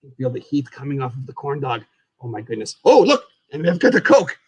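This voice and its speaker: A man hosting a casual live stream, chatting while he eats. He is excitable, exclaims often and calls himself the dead skeleton in the third person. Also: mid-range voice, brisk, husky, no echo.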